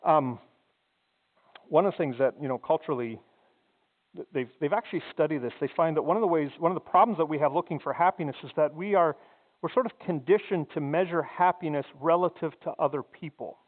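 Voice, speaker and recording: A man's voice: a little high, fairly quick. A man preaching a sermon as pastor, speaking conversationally and often repeating words as he thinks aloud. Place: church sanctuary. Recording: phone-like sound in a long-reverb hall.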